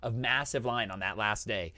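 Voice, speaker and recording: A man hosting a casual chat, telling a long story in an animated, profane way and saying "dude" constantly. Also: on the low side, moderate pace, no room sound. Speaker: host.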